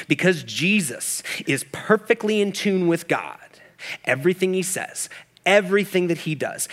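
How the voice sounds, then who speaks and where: A middle-aged man preaches with fervor, his voice high for a man and bright and ringing. He steps into quoted voices as he builds his case, pressing each point home to the congregation. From Kansas City, United States. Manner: impassioned preaching, voicing Jesus and inner voices in quotes. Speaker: pastor. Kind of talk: sermon.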